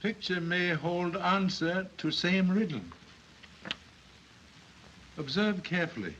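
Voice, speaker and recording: A man playing a calm, wise middle-aged detective who talks in clipped, proverb-like broken English, in a 1930s film. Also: high-pitched, slow pace, slight background noise. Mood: measured. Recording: dull old film soundtrack.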